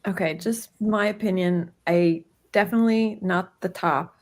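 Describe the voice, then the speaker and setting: A woman's voice: on the low side, moderate pace. A woman player chatting casually about a tabletop game, persuasive but tentative. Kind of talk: casual chat.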